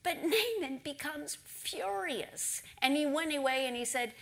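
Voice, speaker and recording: A woman preaching a sermon, telling a story with animation and dropping into hushed whispers for emphasis. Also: sits high, expressive, measured pace, hardly any pauses.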